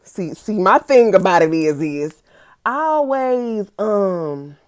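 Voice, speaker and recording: A woman's voice: mid-range voice, takes it slowly. A young woman talking candidly in a personal vlog, reading from her notes and reacting with emphatic outbursts. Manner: candid, emphatic, swinging from musing to excited outbursts. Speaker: vlogger.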